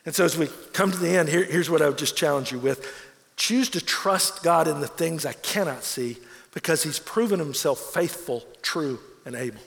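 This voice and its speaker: A man's voice: on the high side, moderate pace, creaky, a bit bright, in a large hall. A man preaching a sermon as a pastor, earnest, repeating words as he presses his points.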